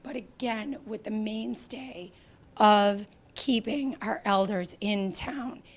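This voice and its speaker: A woman who has lost her voice, speaking softly and earnestly at a public town meeting as a housing authority director. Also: mid-range voice, slow pace. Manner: soft-spoken, earnest and insistent.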